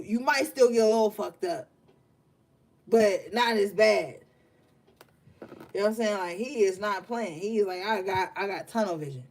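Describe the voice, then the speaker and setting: A woman's voice: medium pitch, darkish tone. A young adult woman giving a casual tarot reading, blunt and profane, fired up and laughing often. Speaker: tarot reader.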